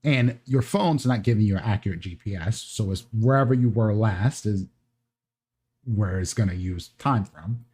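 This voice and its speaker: A man narrating as game master in a relaxed, rambling way with many fillers. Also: fairly low pitch, moderate pace, husky.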